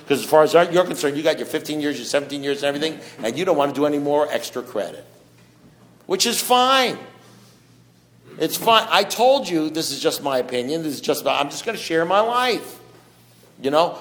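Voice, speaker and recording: A middle-aged man giving a blunt, preachy talk at a recovery meeting, swinging from loud urging to low, quiet passages. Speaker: AA speaker.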